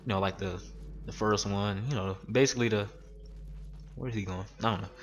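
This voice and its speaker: Rambling young man with a low voice. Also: moderate pace, faint music behind. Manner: rambling, profane, animated when quoting others. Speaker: gaming video host. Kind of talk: casual let's-play commentary.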